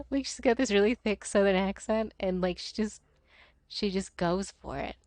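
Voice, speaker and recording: A woman's voice: mid-range voice, a little mellow, dry recording. A young woman streamer chatting casually while she plays, rambling and swearing with frequent laughter. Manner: rambling, profane, laughing often. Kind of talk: casual chat while gaming.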